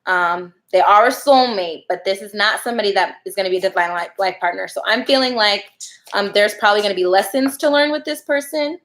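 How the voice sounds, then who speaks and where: A woman's voice: medium pitch, a little fast, a bit bright. A woman giving casual live tarot readings, chatty and laughing often as she talks to viewers. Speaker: tarot reader.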